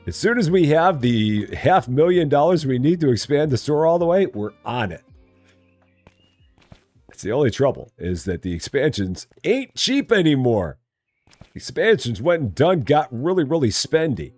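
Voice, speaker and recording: A man streams himself playing a store simulator, casually narrating the game, chatting with viewers and joking to himself in mock voices. His medium-pitched voice has a sing-song lilt, moving at a moderate pace with frequent pauses over soft background music.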